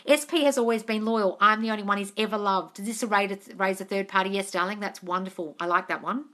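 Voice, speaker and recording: A woman's voice: medium pitch, fairly even intonation, brisk, pushed and bright. A woman with an Australian accent hosting a casual live-stream Q&A as a manifestation coach, reading out viewer comments. She talks bluntly, swears freely and calls her viewers darling. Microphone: phone on a live stream.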